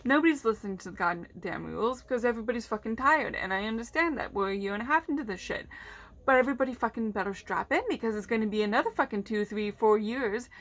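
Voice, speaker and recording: A woman's voice: on the high side, expressive, fast talker, fairly bright tone, a little hiss or hum. A woman vlogger ranting casually and bluntly, swearing heavily and sounding frustrated.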